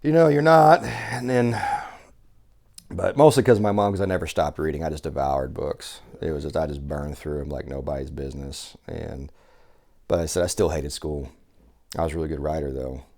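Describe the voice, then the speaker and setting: A man with a very low voice tells stories from his past on a podcast. He talks in a loose, animated way, swears freely and slips into the voices of the people he quotes. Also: moderate pace, vocal fry. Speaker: survival instructor, podcast guest. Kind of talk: casual storytelling chat.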